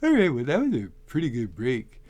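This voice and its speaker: A man hosting a casual talk, rambling and animated with many restarts. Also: mid-range voice, brisk. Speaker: host. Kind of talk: casual talk on making tabletop game characters.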